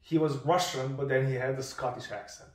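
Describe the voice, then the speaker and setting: A man hosting a casual interview podcast, talking in an animated, opinionated way and swearing casually. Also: medium pitch, brisk. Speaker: podcast host. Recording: roomy sound from a distant mic.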